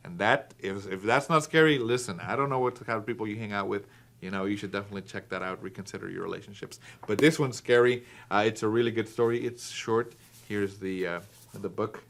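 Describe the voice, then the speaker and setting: A man with a fairly low voice talks through a comic book page by page in a loose, chatty way. He leans on "uh" and "you know" a lot and often restarts his sentences. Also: brisk, creaky, a bit bright. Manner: chatty, filler-heavy, restarts. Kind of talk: casual comic review.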